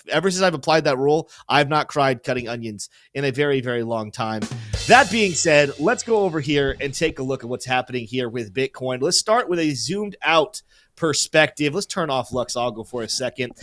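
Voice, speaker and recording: Animated, lively male crypto host. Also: on the high side, no room sound, studio quality. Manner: energetic, joking, hypes viewers. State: teary-eyed. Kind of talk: casual market commentary.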